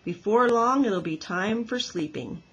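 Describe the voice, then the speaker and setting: A woman voicing an easygoing frog with a loud, croaky drawl. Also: medium pitch, lively intonation, measured pace, rough recording. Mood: lazy.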